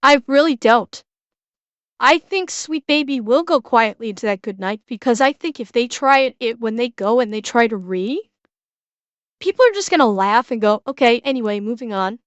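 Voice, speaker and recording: A woman streaming from home, talking over a video with blunt, swear-heavy commentary. Her voice sits fairly high and sounds close and dry, with little room around it. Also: animated, moderate pace, no room sound, dull audio.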